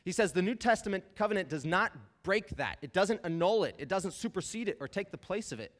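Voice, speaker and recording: A man's voice: high-pitched, animated, brisk, fairly bright tone. A man preaching a sermon, emphatic and conversational, talking straight to the listeners. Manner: emphatic, conversational, addresses listeners as "you guys". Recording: long hall reverb.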